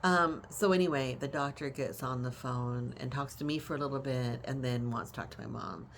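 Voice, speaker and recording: Gravelly-voiced woman caregiver vlogging. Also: extremely low pitch, moderate pace, slight background noise. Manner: emphatic, conversational retelling with exclamations. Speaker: family caregiver. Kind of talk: casual vlog storytelling.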